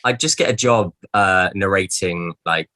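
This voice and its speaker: A man's voice: deep voice, unhurried, sharp tone, no echo. A man chatting casually on a podcast, playful and theatrical. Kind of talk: casual chat.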